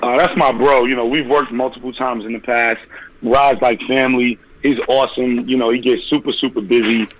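An American musician, interviewed about his new music, chats in a laid-back, enthusiastic way packed with slang and repeated words. His voice is medium-pitched, fairly even, and fairly quick, and the recording is rough.

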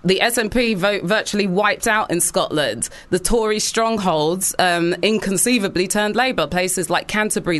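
Earnest commentator, animated talk. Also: medium pitch. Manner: earnest, fast and animated, with frequent fillers and restarts. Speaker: political commentator. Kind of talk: casual political chat.

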